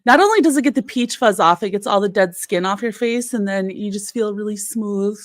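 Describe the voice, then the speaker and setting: A woman's voice: medium pitch, brisk. A woman co-hosting a morning show, chatting casually and teasing with a giggly manner. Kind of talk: casual chat.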